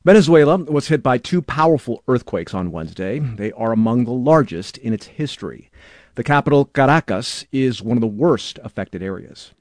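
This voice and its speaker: A man's voice: mid-range voice, moderate pace, slight background noise. A man co-hosting a morning radio news program, delivering stories and questioning a reporter in an engaged way. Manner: expressive, engaged anchor delivery. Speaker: news host.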